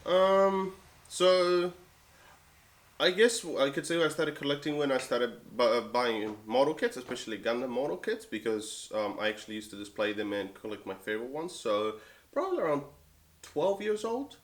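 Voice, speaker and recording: A man from Italy talking in a casual interview as a collector, relaxed and easily amused, speaking in loose, halting phrases. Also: mid-range voice.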